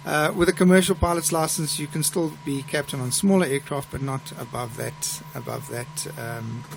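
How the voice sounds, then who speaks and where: A middle-aged man with a South African accent, a pilot who hosts a live show and tells stories in a chatty, relaxed way. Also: medium pitch, moderate pace, creaky, background noise. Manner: chatty, relaxed storyteller with restarts. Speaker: airline pilot and show host. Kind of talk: live show chat and anecdote telling.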